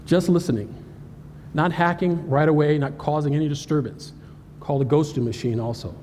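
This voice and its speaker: Lively man presenting in a reverberant hall. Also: a little high, fairly quick, a little hiss or hum. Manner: animated and joking, talks straight to the audience. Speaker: cybersecurity speaker. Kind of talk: live conference presentation. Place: conference hall. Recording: hall reverb with faint ambience.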